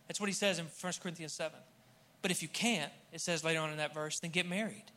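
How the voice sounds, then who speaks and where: Young male preacher, high-ish bright voice, joking, chatty sermon straight to the congregation. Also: fairly even intonation, brisk. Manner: humorous, conversational, addresses the crowd directly. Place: church hall with audience.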